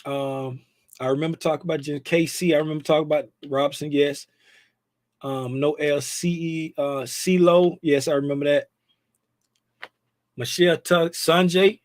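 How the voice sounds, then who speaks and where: A man hosts a casual livestream, chatty and repetitive, drawling along. His voice sits high and bright. The sound is close and dry. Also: a little slow, no room sound. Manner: chatty, repetitive, drawling, sing-song asides. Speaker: livestream host.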